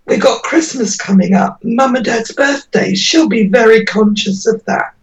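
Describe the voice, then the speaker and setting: Distraught mother, slow, distant lo-fi sound. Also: a little high. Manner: earnest, pleading, voice breaking with emotion. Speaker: interviewee, mother. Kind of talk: emotional interview. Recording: dull lo-fi audio, distant from mic.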